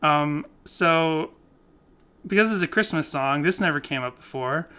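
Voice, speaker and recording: A man's voice: a little high, a little slow, sharp tone, clean tone. A man co-hosting a podcast in casual chat, rambling and laughing as he talks. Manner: rambling, laughs often, self-correcting. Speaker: podcast co-host.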